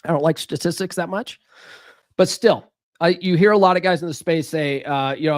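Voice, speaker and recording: A man talks alone in a loose, rambling way, cursing freely and catching himself mid-sentence. His voice sits a little high for a man. The sound is dry and close, with no room around it. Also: fairly even intonation, fairly quick, no room sound. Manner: rambling, profane, self-interrupting. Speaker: podcast host and relationship coach. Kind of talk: casual solo monologue.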